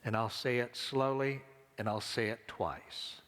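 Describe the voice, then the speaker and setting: A man preaching a funeral sermon, slow and deliberate, repeating his key lines. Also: mid-range voice, fairly even intonation, a bit bright. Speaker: pastor. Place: church sanctuary. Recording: long church reverb.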